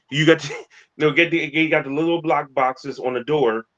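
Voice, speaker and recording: A man's voice: fairly high pitch, normal speed. Laid-back male co-host, muffled. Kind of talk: casual chat.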